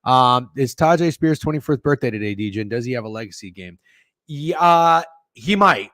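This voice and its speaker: Profane, rambling sports-betting stream host. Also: male voice, medium pitch, expressive, brisk, dry recording, studio quality. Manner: rambling, profane and joking, with sudden loud outbursts. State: sore throat, coughing. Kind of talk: casual livestream chat reading viewer messages. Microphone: close studio microphone.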